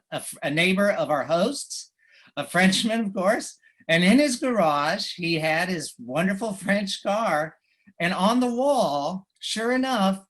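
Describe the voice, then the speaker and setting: An American man, a cartoonist, giving a wry, anecdotal slide presentation, pausing often with fillers and little chuckles. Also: on the high side, a bit bright. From United States.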